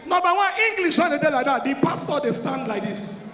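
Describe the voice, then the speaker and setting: Loud high-voiced Nigerian comedian on stage. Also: male voice, brisk, soft background music. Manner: loud, excitable, often shouting. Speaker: stand-up comedian. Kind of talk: stand-up comedy routine. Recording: echoey live venue with crowd.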